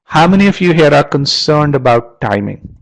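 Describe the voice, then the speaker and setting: Guy running a live test-prep webinar, kinda high gravelly voice, repeats himself a lot, keeps asking the audience questions. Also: very animated, moderate pace, poor audio. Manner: repeats words and quizzes the audience. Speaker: online course instructor.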